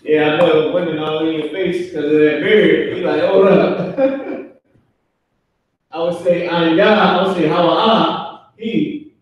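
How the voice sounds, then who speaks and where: During a relaxed live online class, a Hebrew teacher speaks casually and slowly, acting out little family scenes in character voices. His voice is a touch high for a man. The lo-fi audio sounds boomy and echoey, as if he is standing far from the mic in a large, bare room.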